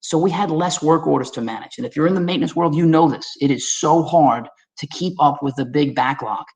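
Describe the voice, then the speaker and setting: Slightly high and slightly quick, the voice of a Staten Island man with a New York accent carries his webinar slide presentation. He's energetic and folksy, talking conversationally and directly to the audience over a rough recording.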